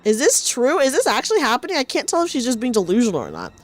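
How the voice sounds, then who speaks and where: A woman's voice: high voice, huge pitch swings, fast talker. A woman streamer giving casual live-stream commentary, chatty and sarcastic, with frequent exclamations.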